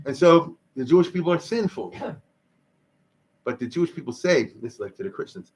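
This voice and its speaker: A male rabbi teaching Jewish history in a lively, conversational lecture, explaining Hebrew terms as he goes. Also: on the high side, a little fast, long pauses, breathy edge.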